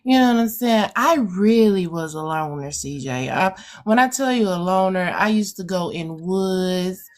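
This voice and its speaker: A woman's voice: on the low side, animated, unhurried, few pauses. A woman from Alabama with a rural Alabama accent, a guest poet talking through her answers in a reflective way with many hesitant fillers. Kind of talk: casual interview chat.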